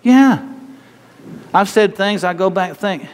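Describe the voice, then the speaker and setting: An older man preaches a sermon, emphatic and repetitive, often turning to the congregation with questions. His voice sits a little high for a man. The sound carries the long reverb of a large hall. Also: fairly even intonation, brisk, clean tone. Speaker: pastor.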